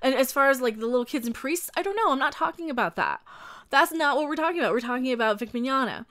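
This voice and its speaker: A woman's voice: sits high, lively intonation, quick pace, fairly bright tone. A woman YouTuber ranting heatedly to camera, profane and combative, answering her critics directly and repeating herself when worked up.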